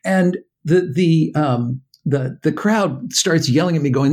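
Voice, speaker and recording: Older American male guest, halting storyteller who acts out voices, casual interview. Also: on the high side, a little mellow. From United States.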